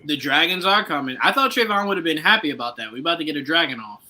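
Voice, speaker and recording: A man's voice: a little high, animated, fast talker, bright, forceful tone. A man co-hosting a casual TV recap podcast, joking and laughing often, swearing freely. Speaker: podcast co-host.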